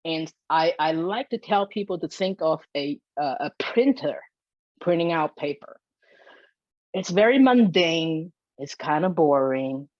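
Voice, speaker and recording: A woman dog behavior consultant explaining pet handling in an animated way during an educational webinar, heard over a video call. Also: low voice, measured pace, dry recording. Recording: dull dry video-call audio.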